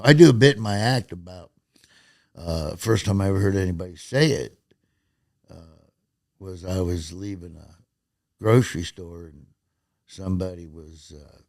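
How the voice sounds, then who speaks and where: A middle-aged man, a comedian guest on a podcast, telling stories in a casual, animated way. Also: deep voice, no echo, studio quality. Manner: animated, acts out quoted voices and laughs at his own stories. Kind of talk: casual storytelling chat.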